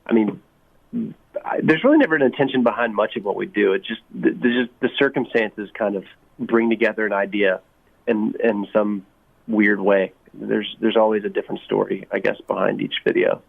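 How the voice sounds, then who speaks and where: Low gravelly man, casual interview storyteller, halting delivery, tinny phone-like audio. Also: steady tone. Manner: halting, restarts sentences.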